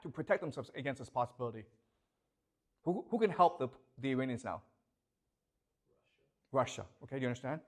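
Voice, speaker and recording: A man lecturing a class, constantly checking that his students understand with rhetorical questions. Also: mid-range voice.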